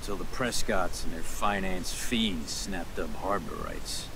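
A man's voice: deep voice, takes it slowly. An actor voicing a salty old fisherman in a video game, gloomy but hearty, talking in old-timey seafaring phrases. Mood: grumbling. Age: older. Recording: game audio with noisy hiss.

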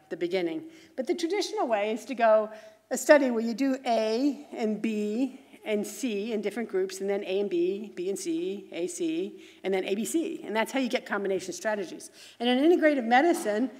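A middle-aged woman, a physician and researcher, giving a brisk, chatty conference lecture full of asides. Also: medium pitch, darkish tone. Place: large conference hall. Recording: reverberant lecture hall.

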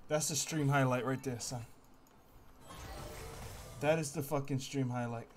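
A man's voice: medium pitch, steady tone, measured pace, soft background music. A male streamer in casual live-stream chat, breathless and laughing hard between his words. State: laughing to tears.

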